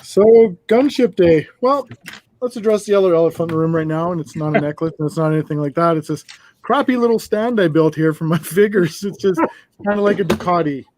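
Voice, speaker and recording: High-voiced joking man on a stream. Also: fairly quick, a little hiss or hum. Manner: joking, animated storyteller. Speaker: stream co-host. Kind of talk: casual group chat.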